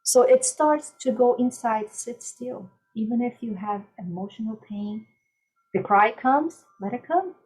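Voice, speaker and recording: Gentle soothing woman life coach. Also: a little high, a little slow, low-quality recording. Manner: gentle, soothing coaching with softly spoken mantras. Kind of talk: podcast interview.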